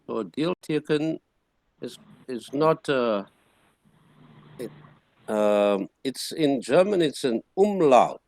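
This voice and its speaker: A man giving a classroom lecture, explaining slowly and patiently with frequent restarts. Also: medium pitch, animated, a little mellow. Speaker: teacher.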